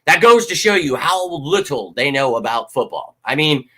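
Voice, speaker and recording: A man hosting a fan sports stream, talking straight to his viewers in a loose, blunt way. His voice is bright and forceful and sits a little high. He swears freely and gets worked up easily. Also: sing-song, moderate pace. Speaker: sports channel host. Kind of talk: casual live-stream chat.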